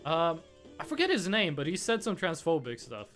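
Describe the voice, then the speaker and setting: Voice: medium pitch, very animated, normal speed, fairly bright tone, faint music behind. A young adult streamer, casually chatting while gaming and telling rambling, profane stories. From Norway. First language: Norwegian.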